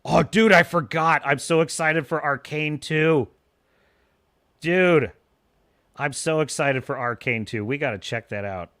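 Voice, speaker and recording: Young male streamer, scornful live rant with frequent laughs; brightish voice, higher than most men. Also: unhurried, dry recording, clean studio sound. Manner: animated, scornful, laughs often. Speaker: streamer reacting to reviews.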